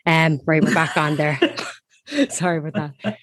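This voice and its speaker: A woman's voice: low-pitched, unhurried, no room sound. A woman hosting a casual podcast, telling a history story with chatty asides and giggles.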